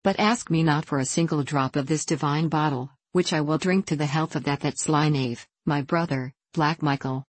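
A woman's voice: low-pitched, normal speed, hardly any pauses, no echo. A woman doing a reckless, hard-drinking young king. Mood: grandly defiant. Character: hearty drunken young king, reckless and defiant.

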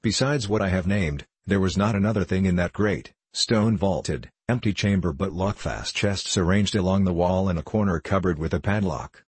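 A man reading a novel aloud as a steady, measured narrator. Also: sits low, breathy edge, dry recording. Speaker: audiobook narrator. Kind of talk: scripted narration.

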